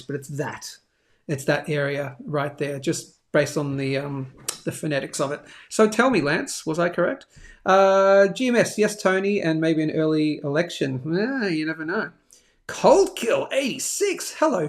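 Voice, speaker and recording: A man's voice: fairly high pitch, creaky. A man hosting a daily live stream, chatting casually and rambling as he reads out viewer comments. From Australia. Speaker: host of a daily live show.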